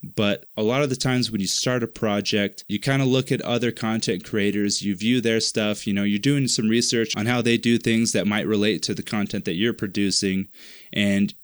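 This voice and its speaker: A man with a fairly low voice speaks earnestly and at length, circling back and repeating words as he gives advice to other creators. The recording is close and dry, with almost no room sound. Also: fairly even intonation, normal speed, clean tone, dry recording. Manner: earnest, rambling, repeats himself. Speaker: content creator giving advice. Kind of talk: casual advice monologue.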